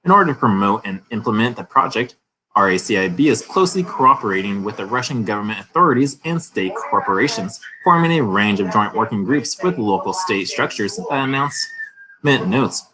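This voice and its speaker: A man's voice: fairly low pitch, animated, a little fast, crowd noise, poor audio. Male host, casual news reader, chatty asides, voices in background. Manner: reads articles aloud with chatty asides and laughs. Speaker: crypto news channel host. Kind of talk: casual news reading and commentary.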